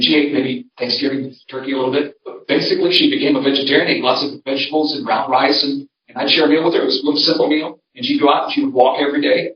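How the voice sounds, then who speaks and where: Older pastor telling folksy stories. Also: male voice, fairly high pitch, a little hiss or hum. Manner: conversational, storytelling, frequent restarts. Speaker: pastor giving a seminar. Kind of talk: folksy seminar talk. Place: church hall. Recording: roomy, distant, dull sound.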